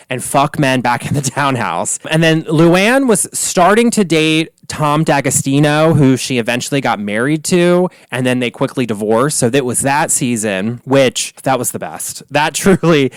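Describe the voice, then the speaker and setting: A man hosting a solo comedy podcast, recapping gossip in an animated, profane way and laughing often. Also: on the high side, smooth, no echo. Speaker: podcast host.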